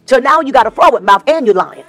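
With a very high, sing-song voice, he talks fast with vocal fry and a fairly bright tone; there's no room sound, just faint music behind. He is a minister of the gospel preaching a sermon, telling personal stories informally, repeating phrases for emphasis and occasionally singing lines.

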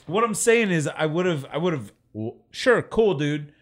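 Animated man telling stories on a podcast. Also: fairly high pitch, measured pace. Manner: animated storyteller, acts out people he quotes. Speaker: podcast co-host. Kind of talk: casual chat.

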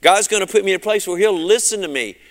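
A man with a Southern US accent, preaching a fervent sermon that surges and drops in loudness. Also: high voice, fast talker, long reverb tail. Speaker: pastor.

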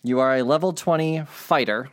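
A man running a casual tabletop game for friends as game master, playful and quick with asides. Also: medium pitch.

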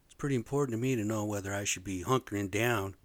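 A man's voice: fairly low pitch, fast, no echo. A man in his fifties telling personal stories casually, rambling and profane, often tacking "man" onto his sentences. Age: 50s. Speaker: storyteller.

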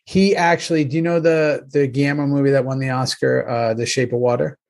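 A man's voice: mid-range voice, flat delivery, fairly quick, vocal fry, darkish tone. A man co-hosting a casual podcast recap, teasing and telling stories. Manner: teasing, storytelling, chatty. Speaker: podcast co-host. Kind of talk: casual chat.

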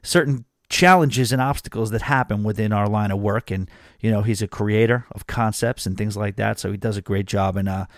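A man's voice: lowish voice, brisk, dry recording, studio quality. Chatty New podcast host, man. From New York. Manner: chatty and animated, with frequent fillers. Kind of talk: casual podcast storytelling.

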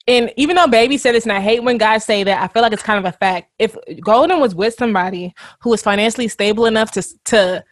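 A woman co-host gossiping at a rapid clip, her voice sitting a little high. The sound is dry and close, with no room around it. Her talk is animated and full of slang. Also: no room sound. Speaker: podcast co-host. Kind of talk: casual gossip chat.

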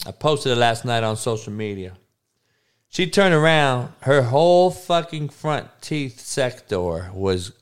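A man's voice: medium pitch, smooth. Man ranting with heavy profanity. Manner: profane, mocking, heated rant. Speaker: podcast host. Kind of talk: crude ranting commentary.

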